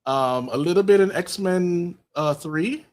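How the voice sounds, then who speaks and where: A man's voice: sits high, slow, darkish tone. A man hosting a podcast, talking casually through a film's plot and reading out its dialogue in his own voice, with many fillers. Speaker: podcast host. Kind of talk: casual film commentary, reading out scenes.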